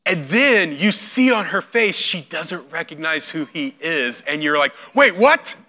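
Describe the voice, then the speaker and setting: A man's voice: on the high side, a little slow. A man preaching a sermon, retelling a scripture scene and acting out the voices in it. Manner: storytelling, acts out quoted voices with big swings in loudness. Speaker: pastor.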